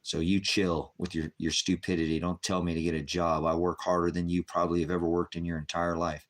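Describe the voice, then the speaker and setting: A man's voice: low voice, little pitch movement, a little fast. A man in his fifties hosting a live chat, bluntly firing back at trolls with repeated retorts. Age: 50s. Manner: combative, answering trolls in chat. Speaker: livestream host.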